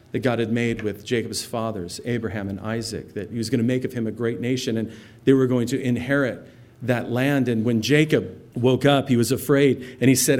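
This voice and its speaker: A male pastor with a mid-range voice works through a Bible passage verse by verse. His style is relaxed and conversational as he explains what words mean and quotes scripture with feeling.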